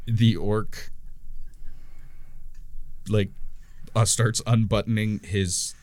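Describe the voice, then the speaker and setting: A man running a tabletop game as game master, narrating in a relaxed, casual way. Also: fairly low pitch, drawn-out words, no room sound.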